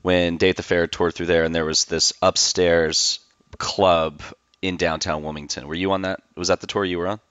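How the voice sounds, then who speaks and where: A man with a deep voice hosts a podcast and chats casually over a video call, swearing offhandedly. The sound is dry and dull, with no room around it. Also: level tone, moderate pace, a bit bright, clear, resonant tone, dry recording. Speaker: podcast host.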